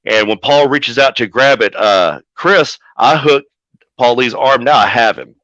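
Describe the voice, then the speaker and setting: A man's voice: medium pitch, a little slow, a bit bright, no room sound, muffled recording. A man, a wrestling manager, telling a profane story in a casual interview and acting out the quotes as he goes.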